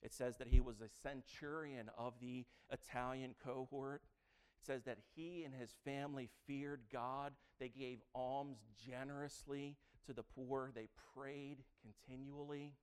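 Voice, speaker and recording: Smooth-voiced, joking preacher. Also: male voice, medium pitch, fairly even intonation, measured pace, darkish tone. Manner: chatty and joking, quizzes the audience. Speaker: preacher teaching a Bible lesson. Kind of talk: interactive sermon.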